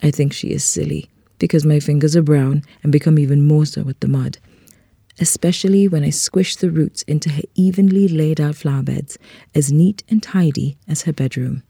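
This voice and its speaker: Reader for a literary short story: gravelly, very dark tone, husky edge, dry close mic, measured and unhurried. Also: mid-range voice, steady tone, no echo.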